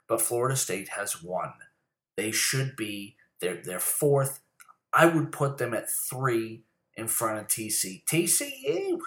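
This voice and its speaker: A man's voice: medium pitch, reverberant. Profane rambling man ranting about sports. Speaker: sports commentary host. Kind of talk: profane casual sports rant.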